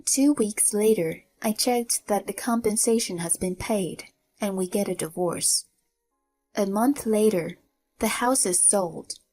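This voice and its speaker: A middle-aged woman narrating her own story in the first person, slow and measured. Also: medium pitch, dark tone, faint music behind, low-quality recording.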